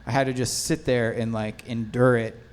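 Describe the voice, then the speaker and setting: Male lighting technician, panelist, halting and casual, middle pitch, faint background hiss. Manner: relaxed, halting, with many fillers. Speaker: panelist, film lighting crew. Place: film festival panel.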